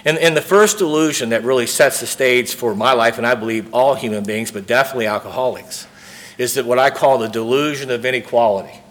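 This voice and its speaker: A man's voice: medium pitch, fairly bright tone. A man speaking from a podium at a recovery convention, telling his story earnestly and acting out the dialogue. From St. Louis, Missouri.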